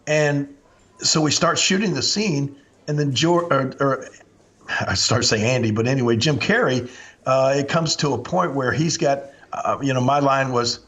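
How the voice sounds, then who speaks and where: A man's voice: mid-range voice, normal speed. Older man telling a story on a podcast. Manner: animated anecdote-telling, acts out quoted lines. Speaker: podcast host. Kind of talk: casual storytelling.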